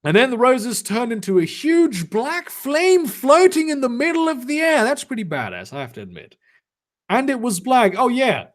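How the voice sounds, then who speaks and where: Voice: medium pitch, huge pitch swings, normal speed, hardly any pauses. A comedic reader doing a dramatic reading with sarcastic, exasperated commentary, swearing often.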